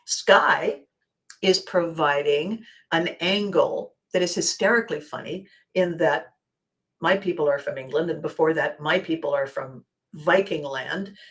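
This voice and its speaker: A woman hosting a show, talking casually in an expressive, emphatic way with wide swings in loudness. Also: low voice, a little slow. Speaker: host. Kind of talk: casual monologue.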